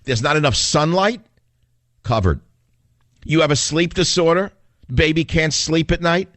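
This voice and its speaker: A man's voice: on the high side, measured pace, a bit bright, no echo. A man with a New York accent hosting a talk radio show, delivering a combative, sarcastic monologue full of rhetorical questions.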